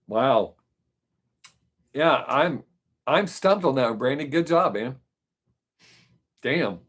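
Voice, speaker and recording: A man in an easygoing, unscripted chat on his live stream. He rambles and trails off while he mulls over a viewer's question, often pausing mid-thought before picking up again. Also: mid-range voice, animated, fairly bright tone. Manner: rambling, thinks aloud, trails off.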